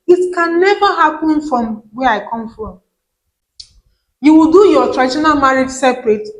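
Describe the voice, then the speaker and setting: Chatty Nigerian woman, slightly high voice. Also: animated, moderate pace, low-quality recording. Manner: chatty, repeats words for emphasis. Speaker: vlogger. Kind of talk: casual chat to camera.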